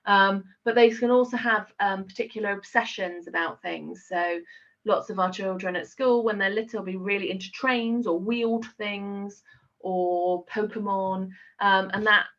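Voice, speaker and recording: A woman's voice: mid-range voice, fairly bright tone. Chatty woman teacher, dull lo-fi sound. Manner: chatty and explanatory, many fillers. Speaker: teacher and autism trainer. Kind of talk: training talk.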